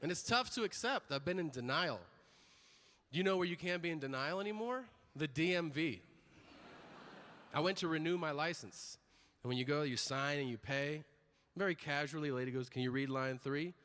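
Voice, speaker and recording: A man's voice: fairly high pitch, moderate pace, pauses often, fairly bright tone, long reverb tail, slight background noise. A man in his thirties doing a brash stand-up set on a comedy stage, acting out dialogue as he tells his stories. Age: 30s. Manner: brash storytelling, acts out dialogue.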